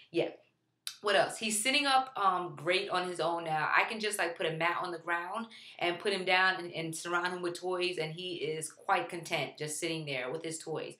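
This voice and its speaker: Bright chatty mom talking to the camera, playful, lots of "like", roomy sound. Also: female voice, fairly low pitch. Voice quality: chatty, filler-heavy delivery. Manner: playful, talks to the baby in between. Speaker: mother and vlogger. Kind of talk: casual chat to camera.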